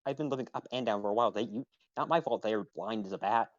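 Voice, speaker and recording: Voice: medium pitch, rapid-fire, no echo, lo-fi sound, lightly acted. A performer voicing a naive young man who lived underground, talking in an indignant, innocent way. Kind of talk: role-play stream.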